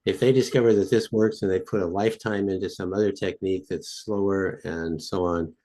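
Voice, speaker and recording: Male podcast guest, deep voice, coaching a listener through repeated affirmations. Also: steady tone, brisk, warm tone. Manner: repetitive, demonstrative, chanting phrases with rising intensity. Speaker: guest expert. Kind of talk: podcast interview, guided demonstration.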